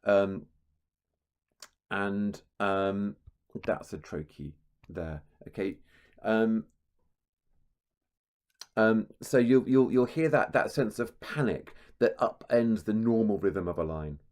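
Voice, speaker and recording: A man with a somewhat low voice explains a text like a teacher, thinking aloud as he goes. He hesitates often with ums and restarts, then reads the quoted verse with heavy stress on the beats. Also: animated, takes it slowly, pauses often, darkish tone. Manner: thoughtful, with frequent ums and restarts. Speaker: literature teacher. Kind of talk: spoken lecture commentary.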